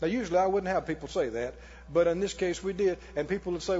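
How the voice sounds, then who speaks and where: Male preacher, very high pitch, lively sermon delivery, muffled lo-fi church recording. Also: fast, breathy edge, long reverb tail. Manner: animated preaching with mock laughs and shouts. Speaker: pastor.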